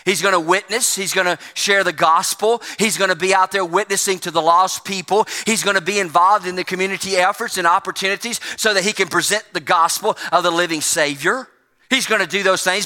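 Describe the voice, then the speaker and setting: Preacher guy, high and really bright voice, church hall reverb. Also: a little fast. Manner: preacherly, rising to emphatic peaks and dropping low; folksy, addresses congregation as folks. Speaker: pastor. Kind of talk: sermon.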